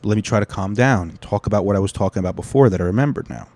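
A man's voice: lowish voice, very fast, a little mellow, no echo. Profane ranting man, dry close mic. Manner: angry, profane ranting that settles into reflective storytelling. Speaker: podcast host and stand-up comic. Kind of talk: ranting solo podcast.

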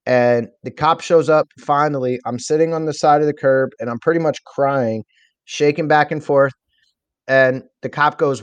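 A man's voice: mid-range voice, measured pace, no echo. Man, young adult, interview guest, rambling candid storytelling, dry close sound. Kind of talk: personal story in a podcast interview.

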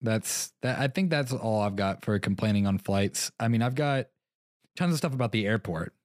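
Low-voiced man telling stories with laughter. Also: normal speed, no room sound, clean studio sound. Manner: rambling storytelling, acts out both sides of conversations, laughs often. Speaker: podcast co-host. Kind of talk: casual chat.

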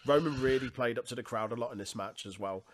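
Male co-host, relaxed conversational recap voice, middle pitch, laughs easily. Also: quick pace. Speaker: wrestling podcast co-host. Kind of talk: casual chat.

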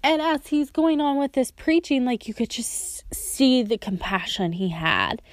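A woman's voice: sits high, a little slow, dry recording, clean studio sound. A woman sharing a heartfelt personal testimony, earnest and storytelling, now and then acting out remembered words.

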